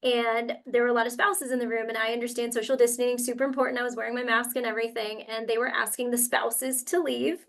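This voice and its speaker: A young adult woman on a webinar panel, sharing a heartfelt personal story in an animated way with lots of filler words. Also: fairly high pitch, fast, vocal fry, few pauses. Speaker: webinar panelist from a university career center.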